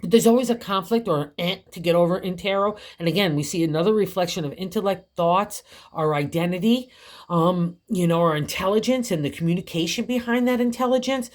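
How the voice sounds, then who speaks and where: A woman's voice: on the low side, a little fast. An older woman giving a tarot reading, chatty and encouraging, laughing often as she talks. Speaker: tarot reader.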